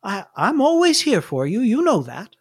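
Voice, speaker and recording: Man voicing a tiny elderly nun, motherly, high and gentle. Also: wildly swooping pitch, normal speed, breathy edge, full character voice. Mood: kindly. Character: little old nun, kind and motherly.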